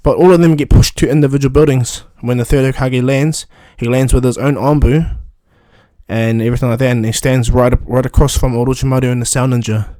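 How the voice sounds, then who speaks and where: A man's voice: medium pitch, fairly even intonation, a little fast, warm tone, no echo, clean studio sound. A man retelling a fan story casually, rambling with many fillers and restarts.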